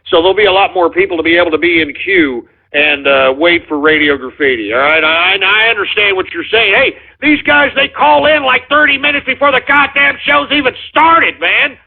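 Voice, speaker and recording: A man's voice: sits high, animated, moderate pace, gravelly, hardly any pauses. A man hosting a call-in radio show who swears a lot and rants in exasperation. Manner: profane, exasperated ranting. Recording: tinny phone-like audio.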